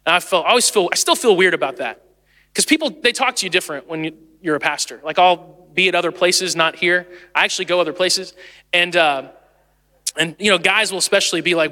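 A man in his late thirties, the lead pastor, preaching a sermon in a chatty, animated way and laughing easily. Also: sits high, fast talker, long reverb tail. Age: 30s.

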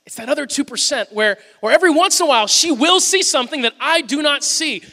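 A man's voice: very high-pitched, bright, forceful tone. A male pastor giving a sermon in a church, talking in a conversational, humorous storytelling way. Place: church sanctuary. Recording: long reverb of a large church hall.

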